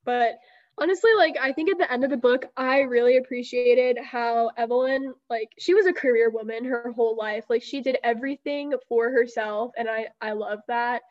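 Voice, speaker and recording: A woman's voice: a little high, moderate pace. A young woman chatting casually in a book club, with lots of "like" fillers. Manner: chatty, heavy use of "like". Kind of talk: casual chat. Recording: dull lo-fi sound.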